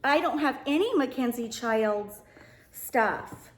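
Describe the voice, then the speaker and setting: Middle-aged woman, high voice, gushing home vlogger, echoey room. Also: animated, slow pace. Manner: gushing, emotional, addresses viewers as "you guys". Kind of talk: casual chat to camera.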